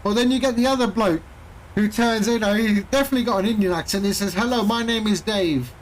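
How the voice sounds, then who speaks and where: High-voiced man telling stories. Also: fast, rough recording. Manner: rambling storyteller, chuckles often, acts out callers. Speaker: streamer. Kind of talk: casual chat while streaming a flight sim.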